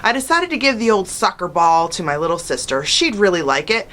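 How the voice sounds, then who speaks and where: A female teacher reads a children's chapter book aloud, voicing the first-person story expressively. Her voice is on the low side yet bright and crisp, and she keeps the tale moving at a brisk pace.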